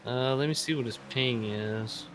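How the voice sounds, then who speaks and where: A man commentating on an online truck race in relaxed, chatty talk. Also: mid-range voice, normal speed. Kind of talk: casual broadcast banter.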